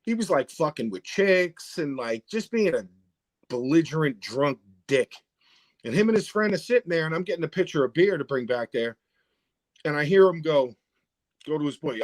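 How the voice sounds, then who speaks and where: A man's voice: a little high, moderate pace, no echo. A man telling a bar story in casual chat, swearing often and acting out the other people's lines. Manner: animated, swears often, acts out quotes. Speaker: rapper guest.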